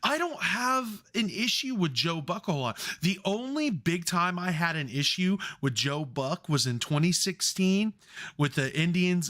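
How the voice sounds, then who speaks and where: A man's voice: a little high, pushed and bright. A man co-hosting a sports podcast, chatting casually, rambling and swearing freely when worked up. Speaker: podcast co-host.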